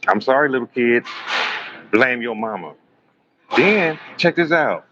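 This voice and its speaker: A man's voice: mid-range voice, animated, unhurried, dull audio, noisy background. A man, preaching bluntly and swearing on a live stream, acting out both sides of arguments. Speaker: live-stream host and self-styled prophet.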